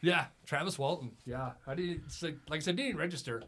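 Middle-aged guy on a podcast, kinda high voice, rambling story, keeps laughing. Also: brisk, a bit bright. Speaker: podcast host. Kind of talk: casual storytelling chat.

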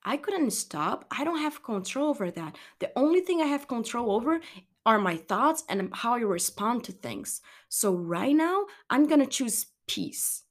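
Unhurried and sing-song, with a fairly high pitch, a young wellness vlogger addresses her audience about anxiety and self-care. Her candid, motivational talk is heartfelt yet meandering, and she often starts sentences over.

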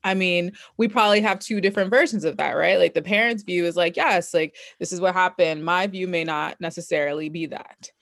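A woman guest in a casual podcast chat, telling stories in a relaxed, animated way and laughing often. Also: on the low side, a little fast, gravelly, few pauses, no echo, studio quality.

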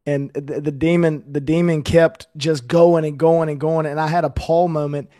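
A man's voice: on the high side, little pitch movement, moderate pace, mellow, no echo, studio quality. A man recounting an anecdote matter-of-factly in a casual chat.

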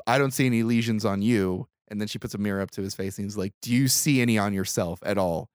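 Talking fast in a lowish, darkish voice, this male host retells a movie scene by scene on his podcast, performing the characters' dialogue and swearing loosely. The audio is studio quality with no echo.

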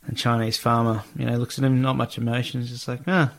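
A man's voice: medium pitch, flat delivery, fast talker, vocal fry. Laid-back guy telling a story. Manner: laid-back, swears freely, lots of fillers. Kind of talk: casual storytelling chat.

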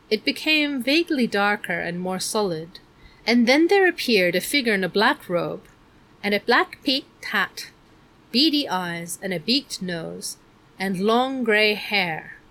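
A woman's voice: mid-range voice, animated, unhurried, a bit bright. Woman reading a storybook aloud. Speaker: audiobook reader. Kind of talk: storybook narration.

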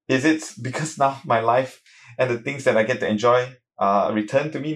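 A man's voice: normal speed, a bit bright. A man preaching an earnest, emphatic sermon on suffering, reading scripture aloud between his points. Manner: rises in pitch and volume when reading scripture.

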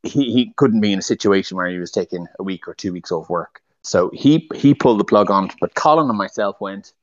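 A man's voice: lowish voice, a little fast, no echo. A man from Ireland with an Irish accent, a podcast guest talking casually about racing photography over a phone call. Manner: relaxed, laughs easily, restarts phrases. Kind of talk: casual interview chat. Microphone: telephone call. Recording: muffled phone-call audio.

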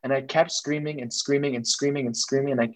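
A young man, a guest, telling a personal story in casual conversation, quick and earnest, slipping in Spanish phrases. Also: mid-range voice, fairly even intonation, no echo, poor audio.

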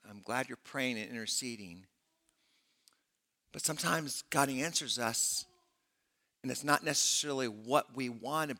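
A man preaching a sermon to a congregation, animated and conversational, acting out scripture dialogues. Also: mid-range voice, in a large hall. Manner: animated preaching, voicing prophet and God in dialogue. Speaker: pastor.

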